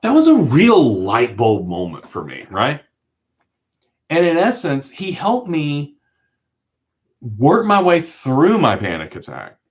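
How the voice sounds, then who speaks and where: A man telling a personal story straight to camera, his pitch swinging up and down as he goes. He laughs often and keeps the telling lively and expressive, with a voice that sits in an ordinary middle register. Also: slow pace, long pauses. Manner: animated, laughing while recounting. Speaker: mental health vlogger.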